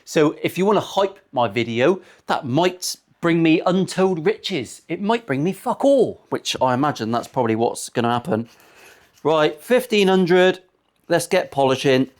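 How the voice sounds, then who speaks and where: A man's voice: on the high side, lively intonation, a little slow. Crude, chatty man in his forties. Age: 40s. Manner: chatty, crude, rambling banter with frequent swearing. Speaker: luthier. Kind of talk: casual workshop vlog. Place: indoor guitar workshop.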